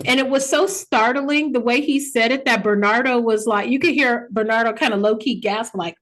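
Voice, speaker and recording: A woman's voice: fairly high pitch, moderate pace, hardly any pauses, a bit bright. A woman co-hosting a boxing talk show, chatting casually in a playful, joking, colloquial way. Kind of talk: casual chat.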